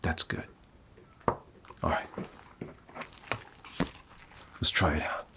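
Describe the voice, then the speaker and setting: A man voicing an older, laid-back male demon hunter who interviews the listener, soft-spoken in a whispered role-play. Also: drawn-out words, noisy background. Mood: playful coaching. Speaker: job interviewer.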